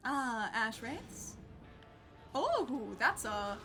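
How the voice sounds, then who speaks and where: A woman's voice: on the high side, very animated, extremely slow, background noise. A woman streaming a game, chatting casually with viewers, bubbly and laughing often. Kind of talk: casual gameplay chat with viewers.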